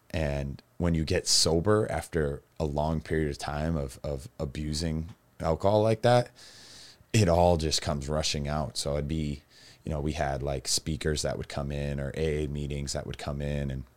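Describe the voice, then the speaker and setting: A man with an extremely low, rumbling voice speaks as a guest about his own life. He rambles through his story with frequent fillers and self-corrections. He turns lively and animated when he recounts funny moments. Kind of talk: candid personal storytelling.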